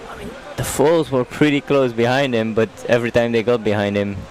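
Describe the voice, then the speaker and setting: A man's voice: medium pitch, a little fast, poor audio. A man co-commentating a race outdoors, chatty and asking his partner questions. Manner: chatty, asks questions, lively intonation. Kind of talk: casual commentary chat.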